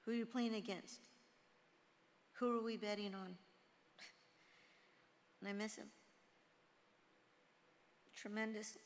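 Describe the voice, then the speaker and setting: A woman offers a heartfelt tribute at a funeral in short, halting phrases. Her voice stays flat and even, echoing in a church with a long reverb. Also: mid-range voice. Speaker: eulogy speaker. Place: church sanctuary.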